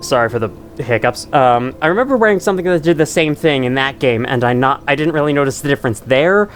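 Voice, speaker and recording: A man's voice: medium pitch, expressive, fast talker, faint music behind. A young man hosting a casual let's-play with chatty, self-mocking asides, his nose runny from allergies. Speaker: gaming channel host.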